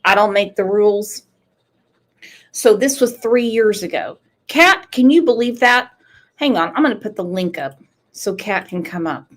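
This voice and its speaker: A woman's voice: medium pitch, animated. A woman hosting a true crime channel, talking earnestly and directly to her viewers in casual commentary. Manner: slow, earnest, talks straight to viewers.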